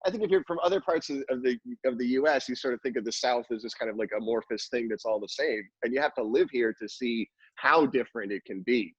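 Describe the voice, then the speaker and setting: A man co-hosting a podcast in a casual chat, sharing music trivia with enthusiasm, husky voice. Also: mid-range voice, fast, hardly any pauses, no room sound, highs cut off. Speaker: podcast co-host.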